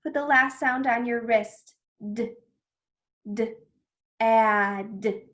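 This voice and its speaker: A young woman leads a children's reading lesson, sounding out letters slowly and clearly. Her voice sits on the higher side, and she takes her time, lingering over each sound before she blends them together. Now and then she jumps into bright, excited praise. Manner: slow, exaggerated phonics sounds with bursts of excited praise. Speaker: teacher.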